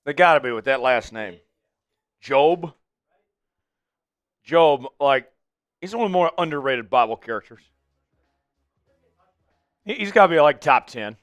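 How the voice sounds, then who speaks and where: A man hosting a live fan stream of a football game, chatting with viewers and calling plays with excited hype. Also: on the high side, measured pace, long pauses, dry recording, soft background music. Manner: excitable, hypes up chat viewers. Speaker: fan livestream host. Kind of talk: live game watch-along chat.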